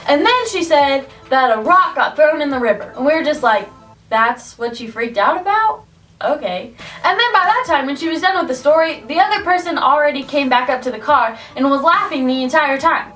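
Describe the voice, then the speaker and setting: A young woman with a high, bright-sounding voice tells a spooky personal story to her vlog audience, her delivery animated and climbing toward near-shouts at the tense parts. She sits a little back from the mic, so the sound is slightly distant. Soft music plays faintly underneath. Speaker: vlogger.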